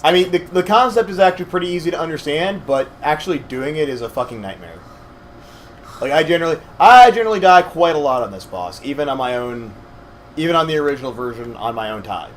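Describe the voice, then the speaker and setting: A young man with a slightly scratchy throat co-hosts a casual let's-play, walking his partner through a video game. His voice is a little high, expressive and quick. He hedges a lot and puts himself down as he explains.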